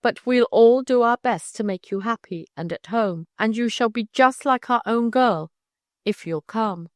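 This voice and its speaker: A woman reading the part of a kindly older man who gently and earnestly persuades a young girl. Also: fairly high pitch, measured pace, dry recording, clean studio sound, natural voice. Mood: gentle coaxing. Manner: warm, coaxing, persuasive.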